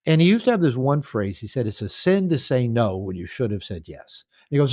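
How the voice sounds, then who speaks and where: A man's voice: medium pitch, sing-song, brisk, few pauses, darkish tone, dry recording, clean studio sound. An older man telling stories in a podcast interview, rambling and anecdotal, recorded at home. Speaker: author and coach.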